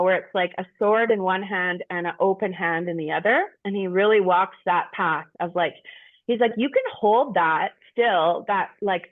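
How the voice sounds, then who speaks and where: A middle-aged woman candidly sharing personal stories with a group, frank and profane, rambling with restarts. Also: mid-range voice. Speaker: group participant. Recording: tinny phone-like sound.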